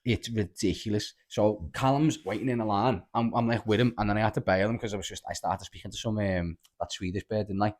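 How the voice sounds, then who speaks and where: Fast-talking Scouse lad hosting a podcast. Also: male voice, lowish voice, a little hiss or hum. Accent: Liverpool (Scouse). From Liverpool, England. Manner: animated storyteller, swears freely, lots of "lad" and "like". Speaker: podcast host. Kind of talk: casual podcast chat.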